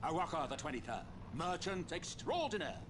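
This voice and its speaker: A scrappy, hopeful wandering merchant in a video game, wheedling and boastful in a folksy dialect. His pitch swings widely from word to word. The game audio carries a steady layer of background noise. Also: a little fast.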